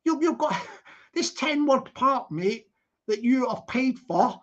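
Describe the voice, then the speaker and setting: A woman's voice: high-pitched, animated, slow, muffled recording, heavily acted. A woman putting on an impatient film director, barking orders at a nervous actor. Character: bossy shouting film director.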